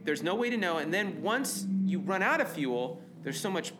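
A man hosting a casual chat, talking in a chatty, animated way. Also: sits high, moderate pace. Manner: chatty, animated when puzzled. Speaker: host. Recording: noisy recording.

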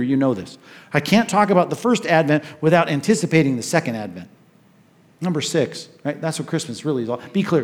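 A man pastor preaching a sermon, telling stories with lively rises and hushed drops in his voice. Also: a little high. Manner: animated storytelling, rises and drops in volume.

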